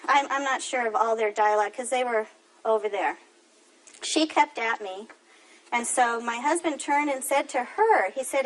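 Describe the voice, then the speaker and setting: A woman testifying as a defendant in a courtroom, retelling events in an earnest, animated way. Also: on the high side, moderate pace, poor audio. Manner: earnest, animated storytelling that acts out quotes.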